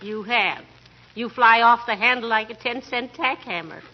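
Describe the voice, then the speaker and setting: A woman's voice: on the high side, moderate pace, natural voice. Molly, a woman playing a teasing, patient wife. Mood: affectionate. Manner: gently scolding, dry quips. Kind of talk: 1940s radio comedy acting. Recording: hissy, muffled old radio broadcast.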